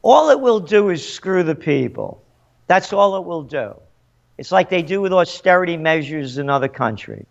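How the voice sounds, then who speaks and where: A man's voice: a little high, lively intonation, normal speed, creaky. A man being interviewed as a trends forecaster, speaking emphatically and indignantly, full of rhetorical questions. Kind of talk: animated interview. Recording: dull lo-fi sound.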